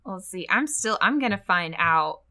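A woman's voice: on the low side, expressive, moderate pace, pushed and bright. A woman co-hosting a podcast in casual chat, laughing often and swearing freely. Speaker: podcast co-host.

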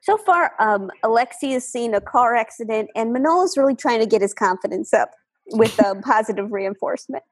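Husky-voiced deadpan female host. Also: on the high side, a little fast. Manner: deadpan, rambling with many fillers. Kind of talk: comedic game show hosting.

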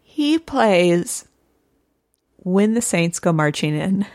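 A woman's voice: lowish voice, sing-song, takes it slowly, a little mellow. A woman co-hosting a comedy podcast, recapping a show in casual chat and laughing often. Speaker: podcast co-host.

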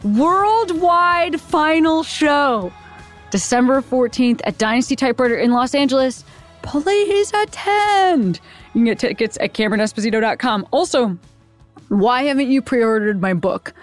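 A woman hosting a podcast, chatting casually and mock-yelling in playful asides while she is feeling unwell. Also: on the high side, a little fast, faint music behind. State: unwell and sweaty from a stomach bug. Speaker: podcast host. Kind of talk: casual chat.

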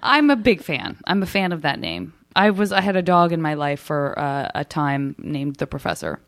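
A woman's voice: sits low, very animated, normal speed, no echo. A woman hosting a casual podcast interview, playful and joking, with rambling questions. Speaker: podcast host.

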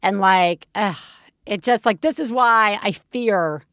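A woman's voice: takes it slowly, no echo, studio quality. A woman in her thirties co-hosting a podcast, chatting casually and acting out her own stories. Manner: animated storyteller, acts out her own shrill yelling. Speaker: podcast co-host. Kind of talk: casual chat.

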